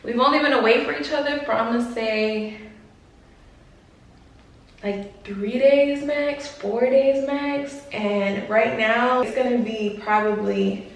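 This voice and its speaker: A woman's voice: a little high, recorded from a distance. A woman in her twenties from Long Island, New York, candidly talking to her camera at home in a casual confessional vlog, swearing casually as she chats. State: pregnant. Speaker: vlogger. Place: room at home in front of a mirror. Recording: very echoey room, voice off-mic.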